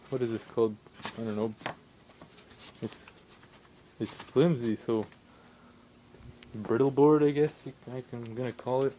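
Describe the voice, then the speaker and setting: A young man rambling casually in his home workshop, swearing a lot and breaking into sudden loud outbursts. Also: mid-range voice, slight background noise, poor audio. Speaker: vlogger.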